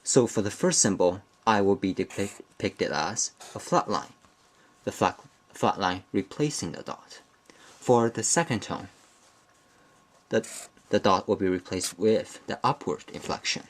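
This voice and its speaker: A man narrates a beginner language lesson in a slow, unhurried voice that sits a little low. He explains each point methodically and often stops to restate or correct himself mid-phrase. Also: expressive. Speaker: language teacher.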